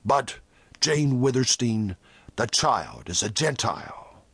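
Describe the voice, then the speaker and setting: An audiobook narrator voicing a stern, curt male church elder who gives commands, with lively pitch in a dry recording. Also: slow, husky, no room sound, heavily acted.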